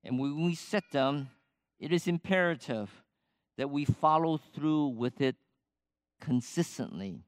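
An older man preaching a sermon, slow and measured, with emphatic rises on key points. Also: fairly high pitch, expressive, clean tone, dry recording, studio quality. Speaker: pastor.

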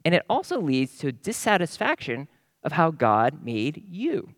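An animated male preacher delivering a sermon, his pitch rising and falling widely as he stresses each point. His voice sits a little high for a man, and the recording is close and dry with no room sound. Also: moderate pace, no echo. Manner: animated, emphatic, repeats phrases in lists.

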